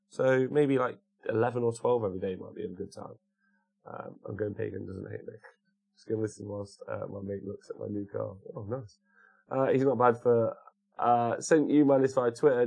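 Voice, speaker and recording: A man's voice: medium pitch, gravelly, a little mellow. A man hosting a casual livestream, rambling and chatting while greeting viewers by name. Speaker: livestream host. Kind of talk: casual chat reading live comments.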